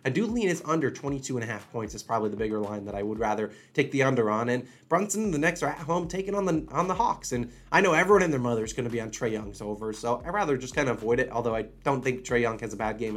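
A man rattles through his sports betting picks at a quick clip, in a middle-pitched voice. He talks casually and with energy, often restarting mid-phrase. He sounds slightly under the weather. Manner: fast, animated, conversational with restarts. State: slightly unwell. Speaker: sports betting channel host.

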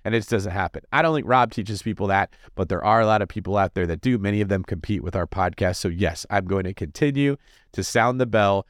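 A man hosting a real estate podcast, talking in an animated, jokey and energetic way, answering listener comments. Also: fairly low pitch, quick pace, no echo, studio quality. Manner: animated, jokey, fidgety delivery. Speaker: podcast host. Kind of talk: energetic casual monologue.

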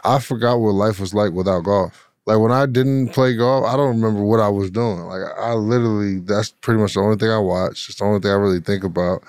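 Laid-back low-voiced man, laughing a lot. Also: steady tone, fast talker, hardly any pauses, a little mellow, clear, resonant tone, no room sound, studio quality. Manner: laughing, loose storytelling. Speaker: podcast co-host. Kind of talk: casual chat.

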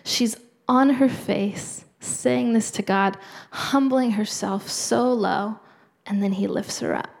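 Middle-aged woman preacher, gravelly, earnest and conversational, drops to a near-whisper. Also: medium pitch, takes it slowly, a little mellow. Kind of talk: sermon.

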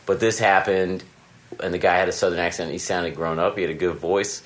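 A man with a low voice hosts a relaxed conversation in a hotel room. He rambles through stories and acts out both sides of phone calls. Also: brisk. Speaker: podcast host. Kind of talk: casual chat.

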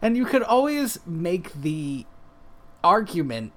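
Sarcastic man with a lively voice. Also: high-pitched, takes it slowly, a little hiss or hum. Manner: sarcastic, joking, swears casually. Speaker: podcast co-host. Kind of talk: casual chat reviewing a movie.

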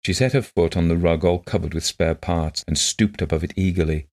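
A man narrating a classic short story in a measured, literary way. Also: low-pitched, fairly even intonation, a little mellow.

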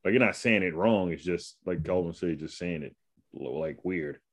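A man co-hosting a podcast, laid-back, chiming in to correct others and trailing off softly in casual chat. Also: deep voice, moderate pace. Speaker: podcast co-host.

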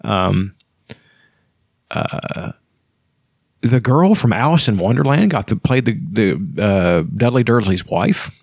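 Rambling husky man, casual podcast chat. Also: fairly low pitch, expressive, takes it slowly, pauses often, darkish tone, no room sound, clean studio sound. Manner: rambling, profane, restarts sentences. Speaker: podcast co-host.

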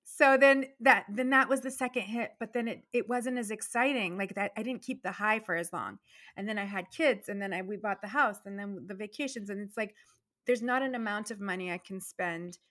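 Middle-aged woman guest, bright tone, lively storyteller who wanders off on tangents. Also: mid-range voice, brisk. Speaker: guest, dentist and entrepreneur. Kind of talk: casual interview conversation.

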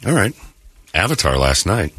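Man, radio host, husky, lively pitch, low voice, casual rambling chat, dry studio sound. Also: normal speed, no echo. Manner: rambling storyteller, acts out quotes. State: clearing throat. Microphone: studio mic.

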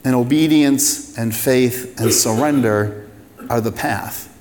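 A man's voice: mid-range voice, slow, darkish tone. A male pastor delivering a sermon in a conversational, emphatic way, driving points home with repeated phrases. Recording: long reverb of a large hall.

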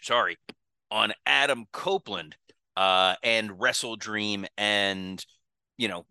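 A man's voice: fairly low pitch, bright, forceful tone, clear, resonant tone, no echo. A man hosting a podcast in casual chat, loose and swearing, often restarting his sentences. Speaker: podcast host.

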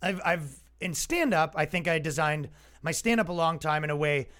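A man's voice: fairly high pitch, lively intonation, moderate pace, a bit bright. A man hosting a comedy podcast, ranting casually in an exasperated, sarcastic way. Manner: exasperated, sarcastic, acts out quoted voices.

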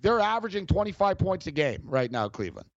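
A middle-aged man hosts sports talk radio, drifting into long rambling stories and laughing along the way. His voice sits fairly high. The sound is dull and dry, like a close studio mic with the top end rolled off. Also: big pitch swings, fast talker, no echo. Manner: rambling, storytelling, laughs often.

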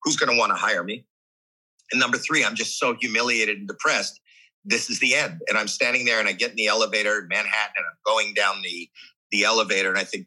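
A man being interviewed, telling a personal story in conversation, animated and emotional, with frequent restarts. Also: fairly low pitch, fast talker, breathy edge, rough recording. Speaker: guest.

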